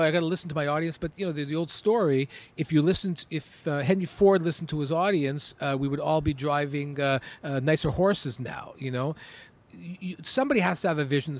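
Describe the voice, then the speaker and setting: Brief: middle-aged entrepreneur from Canada, interview guest, lively storyteller, stumbles and restarts. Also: male voice, fairly high pitch. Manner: animated, emphatic, with many restarts.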